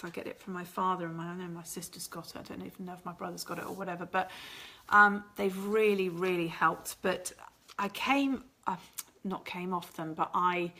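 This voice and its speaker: A woman's voice: lowish voice, pushed and bright. A woman with a chatty, rambling manner, hosting a casual live stream and answering viewer comments. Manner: chatty and rambling, laughs often.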